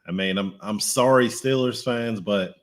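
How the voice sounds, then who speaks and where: A man's voice: on the low side, unhurried. A man co-hosting a casual talk show, easygoing and chuckling, often restarting his phrases. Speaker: podcast co-host. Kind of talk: casual chat.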